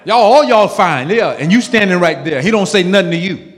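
A man preaching a sermon as pastor of his church, emphatic, swinging from loud outbursts to soft asides and repeating phrases for emphasis. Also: sits high, expressive, measured pace, long pauses, in a large hall.

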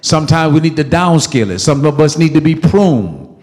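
Emphatic high-voiced male pastor preaching. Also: animated, fairly quick, long reverb tail. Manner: emphatic preaching with sudden loud outbursts and soft asides; repeats phrases for emphasis. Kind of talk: sermon. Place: church.

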